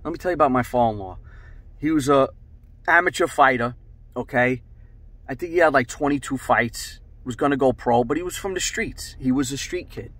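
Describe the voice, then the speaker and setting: A middle-aged man and show host telling a rambling, profane story in a casual, animated way. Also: mid-range voice, moderate pace, dry recording.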